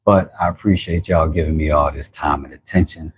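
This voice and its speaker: An American man hosting a casual livestream, rambling and laughing as he gives shout-outs to viewers from his workshop. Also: rumbling low, fairly even intonation, fairly quick, a little hiss or hum. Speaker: channel host. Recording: dull lo-fi sound.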